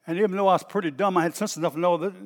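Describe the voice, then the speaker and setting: A middle-aged man with a Southern US accent, a pastor preaching in a folksy, storytelling way that bursts out loud at times. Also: high-pitched, rapid-fire, in a large hall. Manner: folksy and animated, stretches words, bursts out loud. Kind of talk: storytelling sermon.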